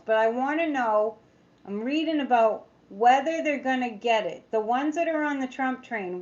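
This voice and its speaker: Chatty woman with a slightly high voice. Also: highs cut off. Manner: chatty and rambling, reads viewer chat aloud; indignant, sarcastic asides. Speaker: psychic tarot reader. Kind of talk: casual livestream chat.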